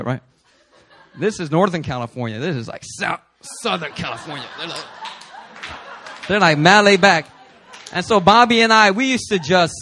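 A pastor in his thirties from New York preaches at a church service in a slightly high voice. He tells stories laced with jokes and builds up to loud, emphatic shouts.

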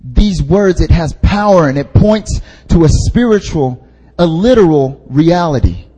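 A man's voice: on the high side, lively intonation, measured pace, dark tone, breathy edge. A young man, an intern pastor, preaching at a prayer meeting in a casual, joking way, repeating his key points for emphasis. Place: church hall. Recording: long hall reverb.

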